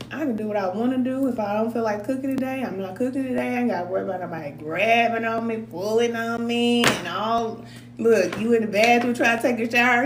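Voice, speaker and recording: A woman's voice: on the high side, reverberant, noisy background. A woman, chatting casually on a live stream, laughing often and reading viewer comments aloud. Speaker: spiritual advisor reading cards for a live chat.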